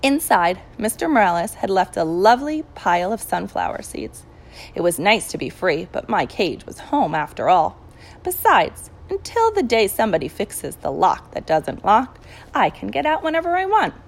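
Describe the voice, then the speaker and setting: A woman reading a children's novel aloud, her voice rising and falling with a lively, animated lilt. There is a gravelly fry at the ends of her phrases. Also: fairly low pitch, moderate pace, rough recording. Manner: expressive storytelling. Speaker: audiobook narrator. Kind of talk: children's audiobook narration.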